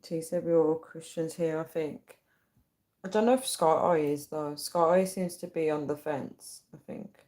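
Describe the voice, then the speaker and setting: A woman's voice: low-pitched, normal speed, a little mellow. A woman on a casual livestream, chatting, giggling and reading viewers' comments aloud. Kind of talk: casual live-stream chat. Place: at home late at night.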